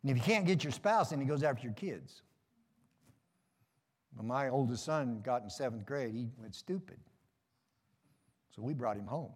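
Folksy preacher in a reverberant hall. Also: male voice, mid-range voice, expressive, moderate pace, pauses often, breathy edge. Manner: folksy, joking preaching with call-and-response amens. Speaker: pastor. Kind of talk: sermon.

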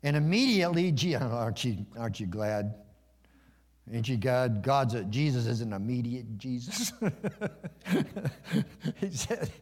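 A man's voice: medium pitch, very animated, a little slow, long pauses. A man preaching a sermon to his congregation in a folksy, conversational way, asking them questions and joking. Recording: long reverb of a large hall.

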